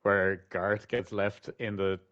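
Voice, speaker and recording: Male podcast co-host, lowish voice, dry teasing humour, swears casually, lo-fi. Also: little pitch movement, slow, a bit bright. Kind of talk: casual chat.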